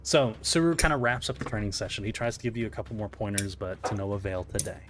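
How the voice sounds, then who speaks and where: A man's voice: lowish voice, fast, crowd noise. A man narrating and explaining the rules as the game master of a tabletop role-playing game. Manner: relaxed, explanatory narration with chuckles. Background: music.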